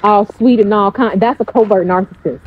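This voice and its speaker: A woman's voice: medium pitch, a little fast, dull audio. A woman coach speaking in a casual, blunt storytelling style, swearing freely.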